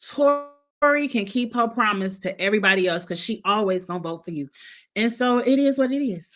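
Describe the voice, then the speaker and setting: A woman hosts a loose live-chat recap at a medium pitch, talking bluntly and gossiping freely. Her tone is opinionated and unfiltered. She sounds a little stuffy from allergies. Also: fairly bright tone. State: coughing, allergies. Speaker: host.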